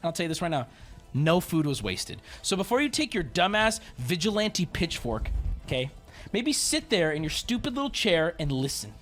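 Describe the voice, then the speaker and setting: A man's voice: on the high side, big pitch swings, moderate pace, fairly bright tone. A man livestreaming, telling a story as a profane, sarcastic rant. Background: faint background music.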